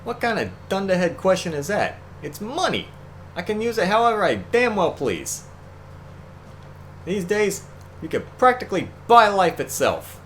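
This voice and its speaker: Guy doing a brassy old-timey tough-talking ghost lady, greedy, kinda raised pitch, faint hum behind. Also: big pitch swings, normal speed, fairly bright tone. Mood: brash. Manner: gruff mock gangster accent, slangy. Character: greedy dead woman ghost, brash old-time tough talker.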